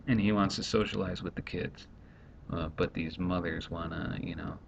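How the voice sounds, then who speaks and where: Brief: deep gravelly man in his thirties, rambling home-vlog rant, dull lo-fi sound. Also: steady tone. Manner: rambling, exasperated, quickly acts out others. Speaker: stay-at-home dad vlogger. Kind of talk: casual vlog monologue. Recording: dull lo-fi home recording, faint rumble.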